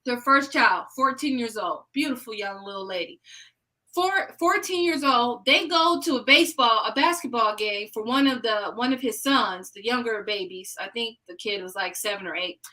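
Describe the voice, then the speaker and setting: A woman hosting a livestream in a loose, casual chat. She rants in an animated, slangy way. Her voice sits high and sounds bright. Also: moderate pace, poor audio. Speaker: livestream host.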